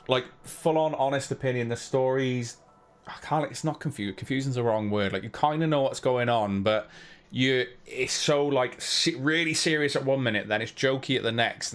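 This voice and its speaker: A young man hosting a live stream, chatting casually with viewers in a rambling way, now and then humming little sounds. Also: lowish voice. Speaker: livestream host.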